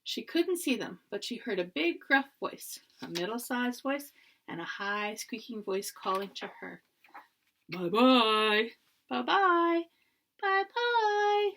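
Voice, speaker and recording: A woman teacher reading a children's storybook aloud in an expressive way. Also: mid-range voice, measured pace, slight background noise.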